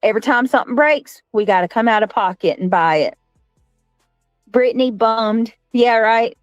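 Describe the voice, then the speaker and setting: A woman's voice: a little high, moderate pace, dry recording, muffled recording, faint music behind. A woman ranting casually on her own livestream, complaining and swearing in passing. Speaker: streamer in a played clip.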